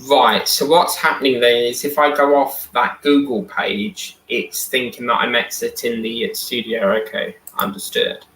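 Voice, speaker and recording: A man's voice: mid-range voice, flat delivery, unhurried, few pauses, a bit bright, slight background noise. A man hosting a live stream in casual chat, reading and answering viewer comments aloud. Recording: echoey room.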